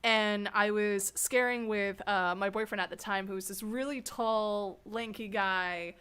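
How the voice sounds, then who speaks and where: A woman hosting an interview, telling rambling anecdotes in a casual, animated way and laughing often. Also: mid-range voice, unhurried, smooth. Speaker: host interviewing a fellow scare actor. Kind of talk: casual storytelling chat.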